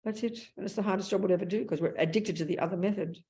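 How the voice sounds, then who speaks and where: An older woman with an Australian accent gives a dharma talk. She teaches in a frank, earthy, animated manner, full of everyday slang. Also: mid-range voice, racing. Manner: blunt, animated, colloquial. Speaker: Buddhist teacher.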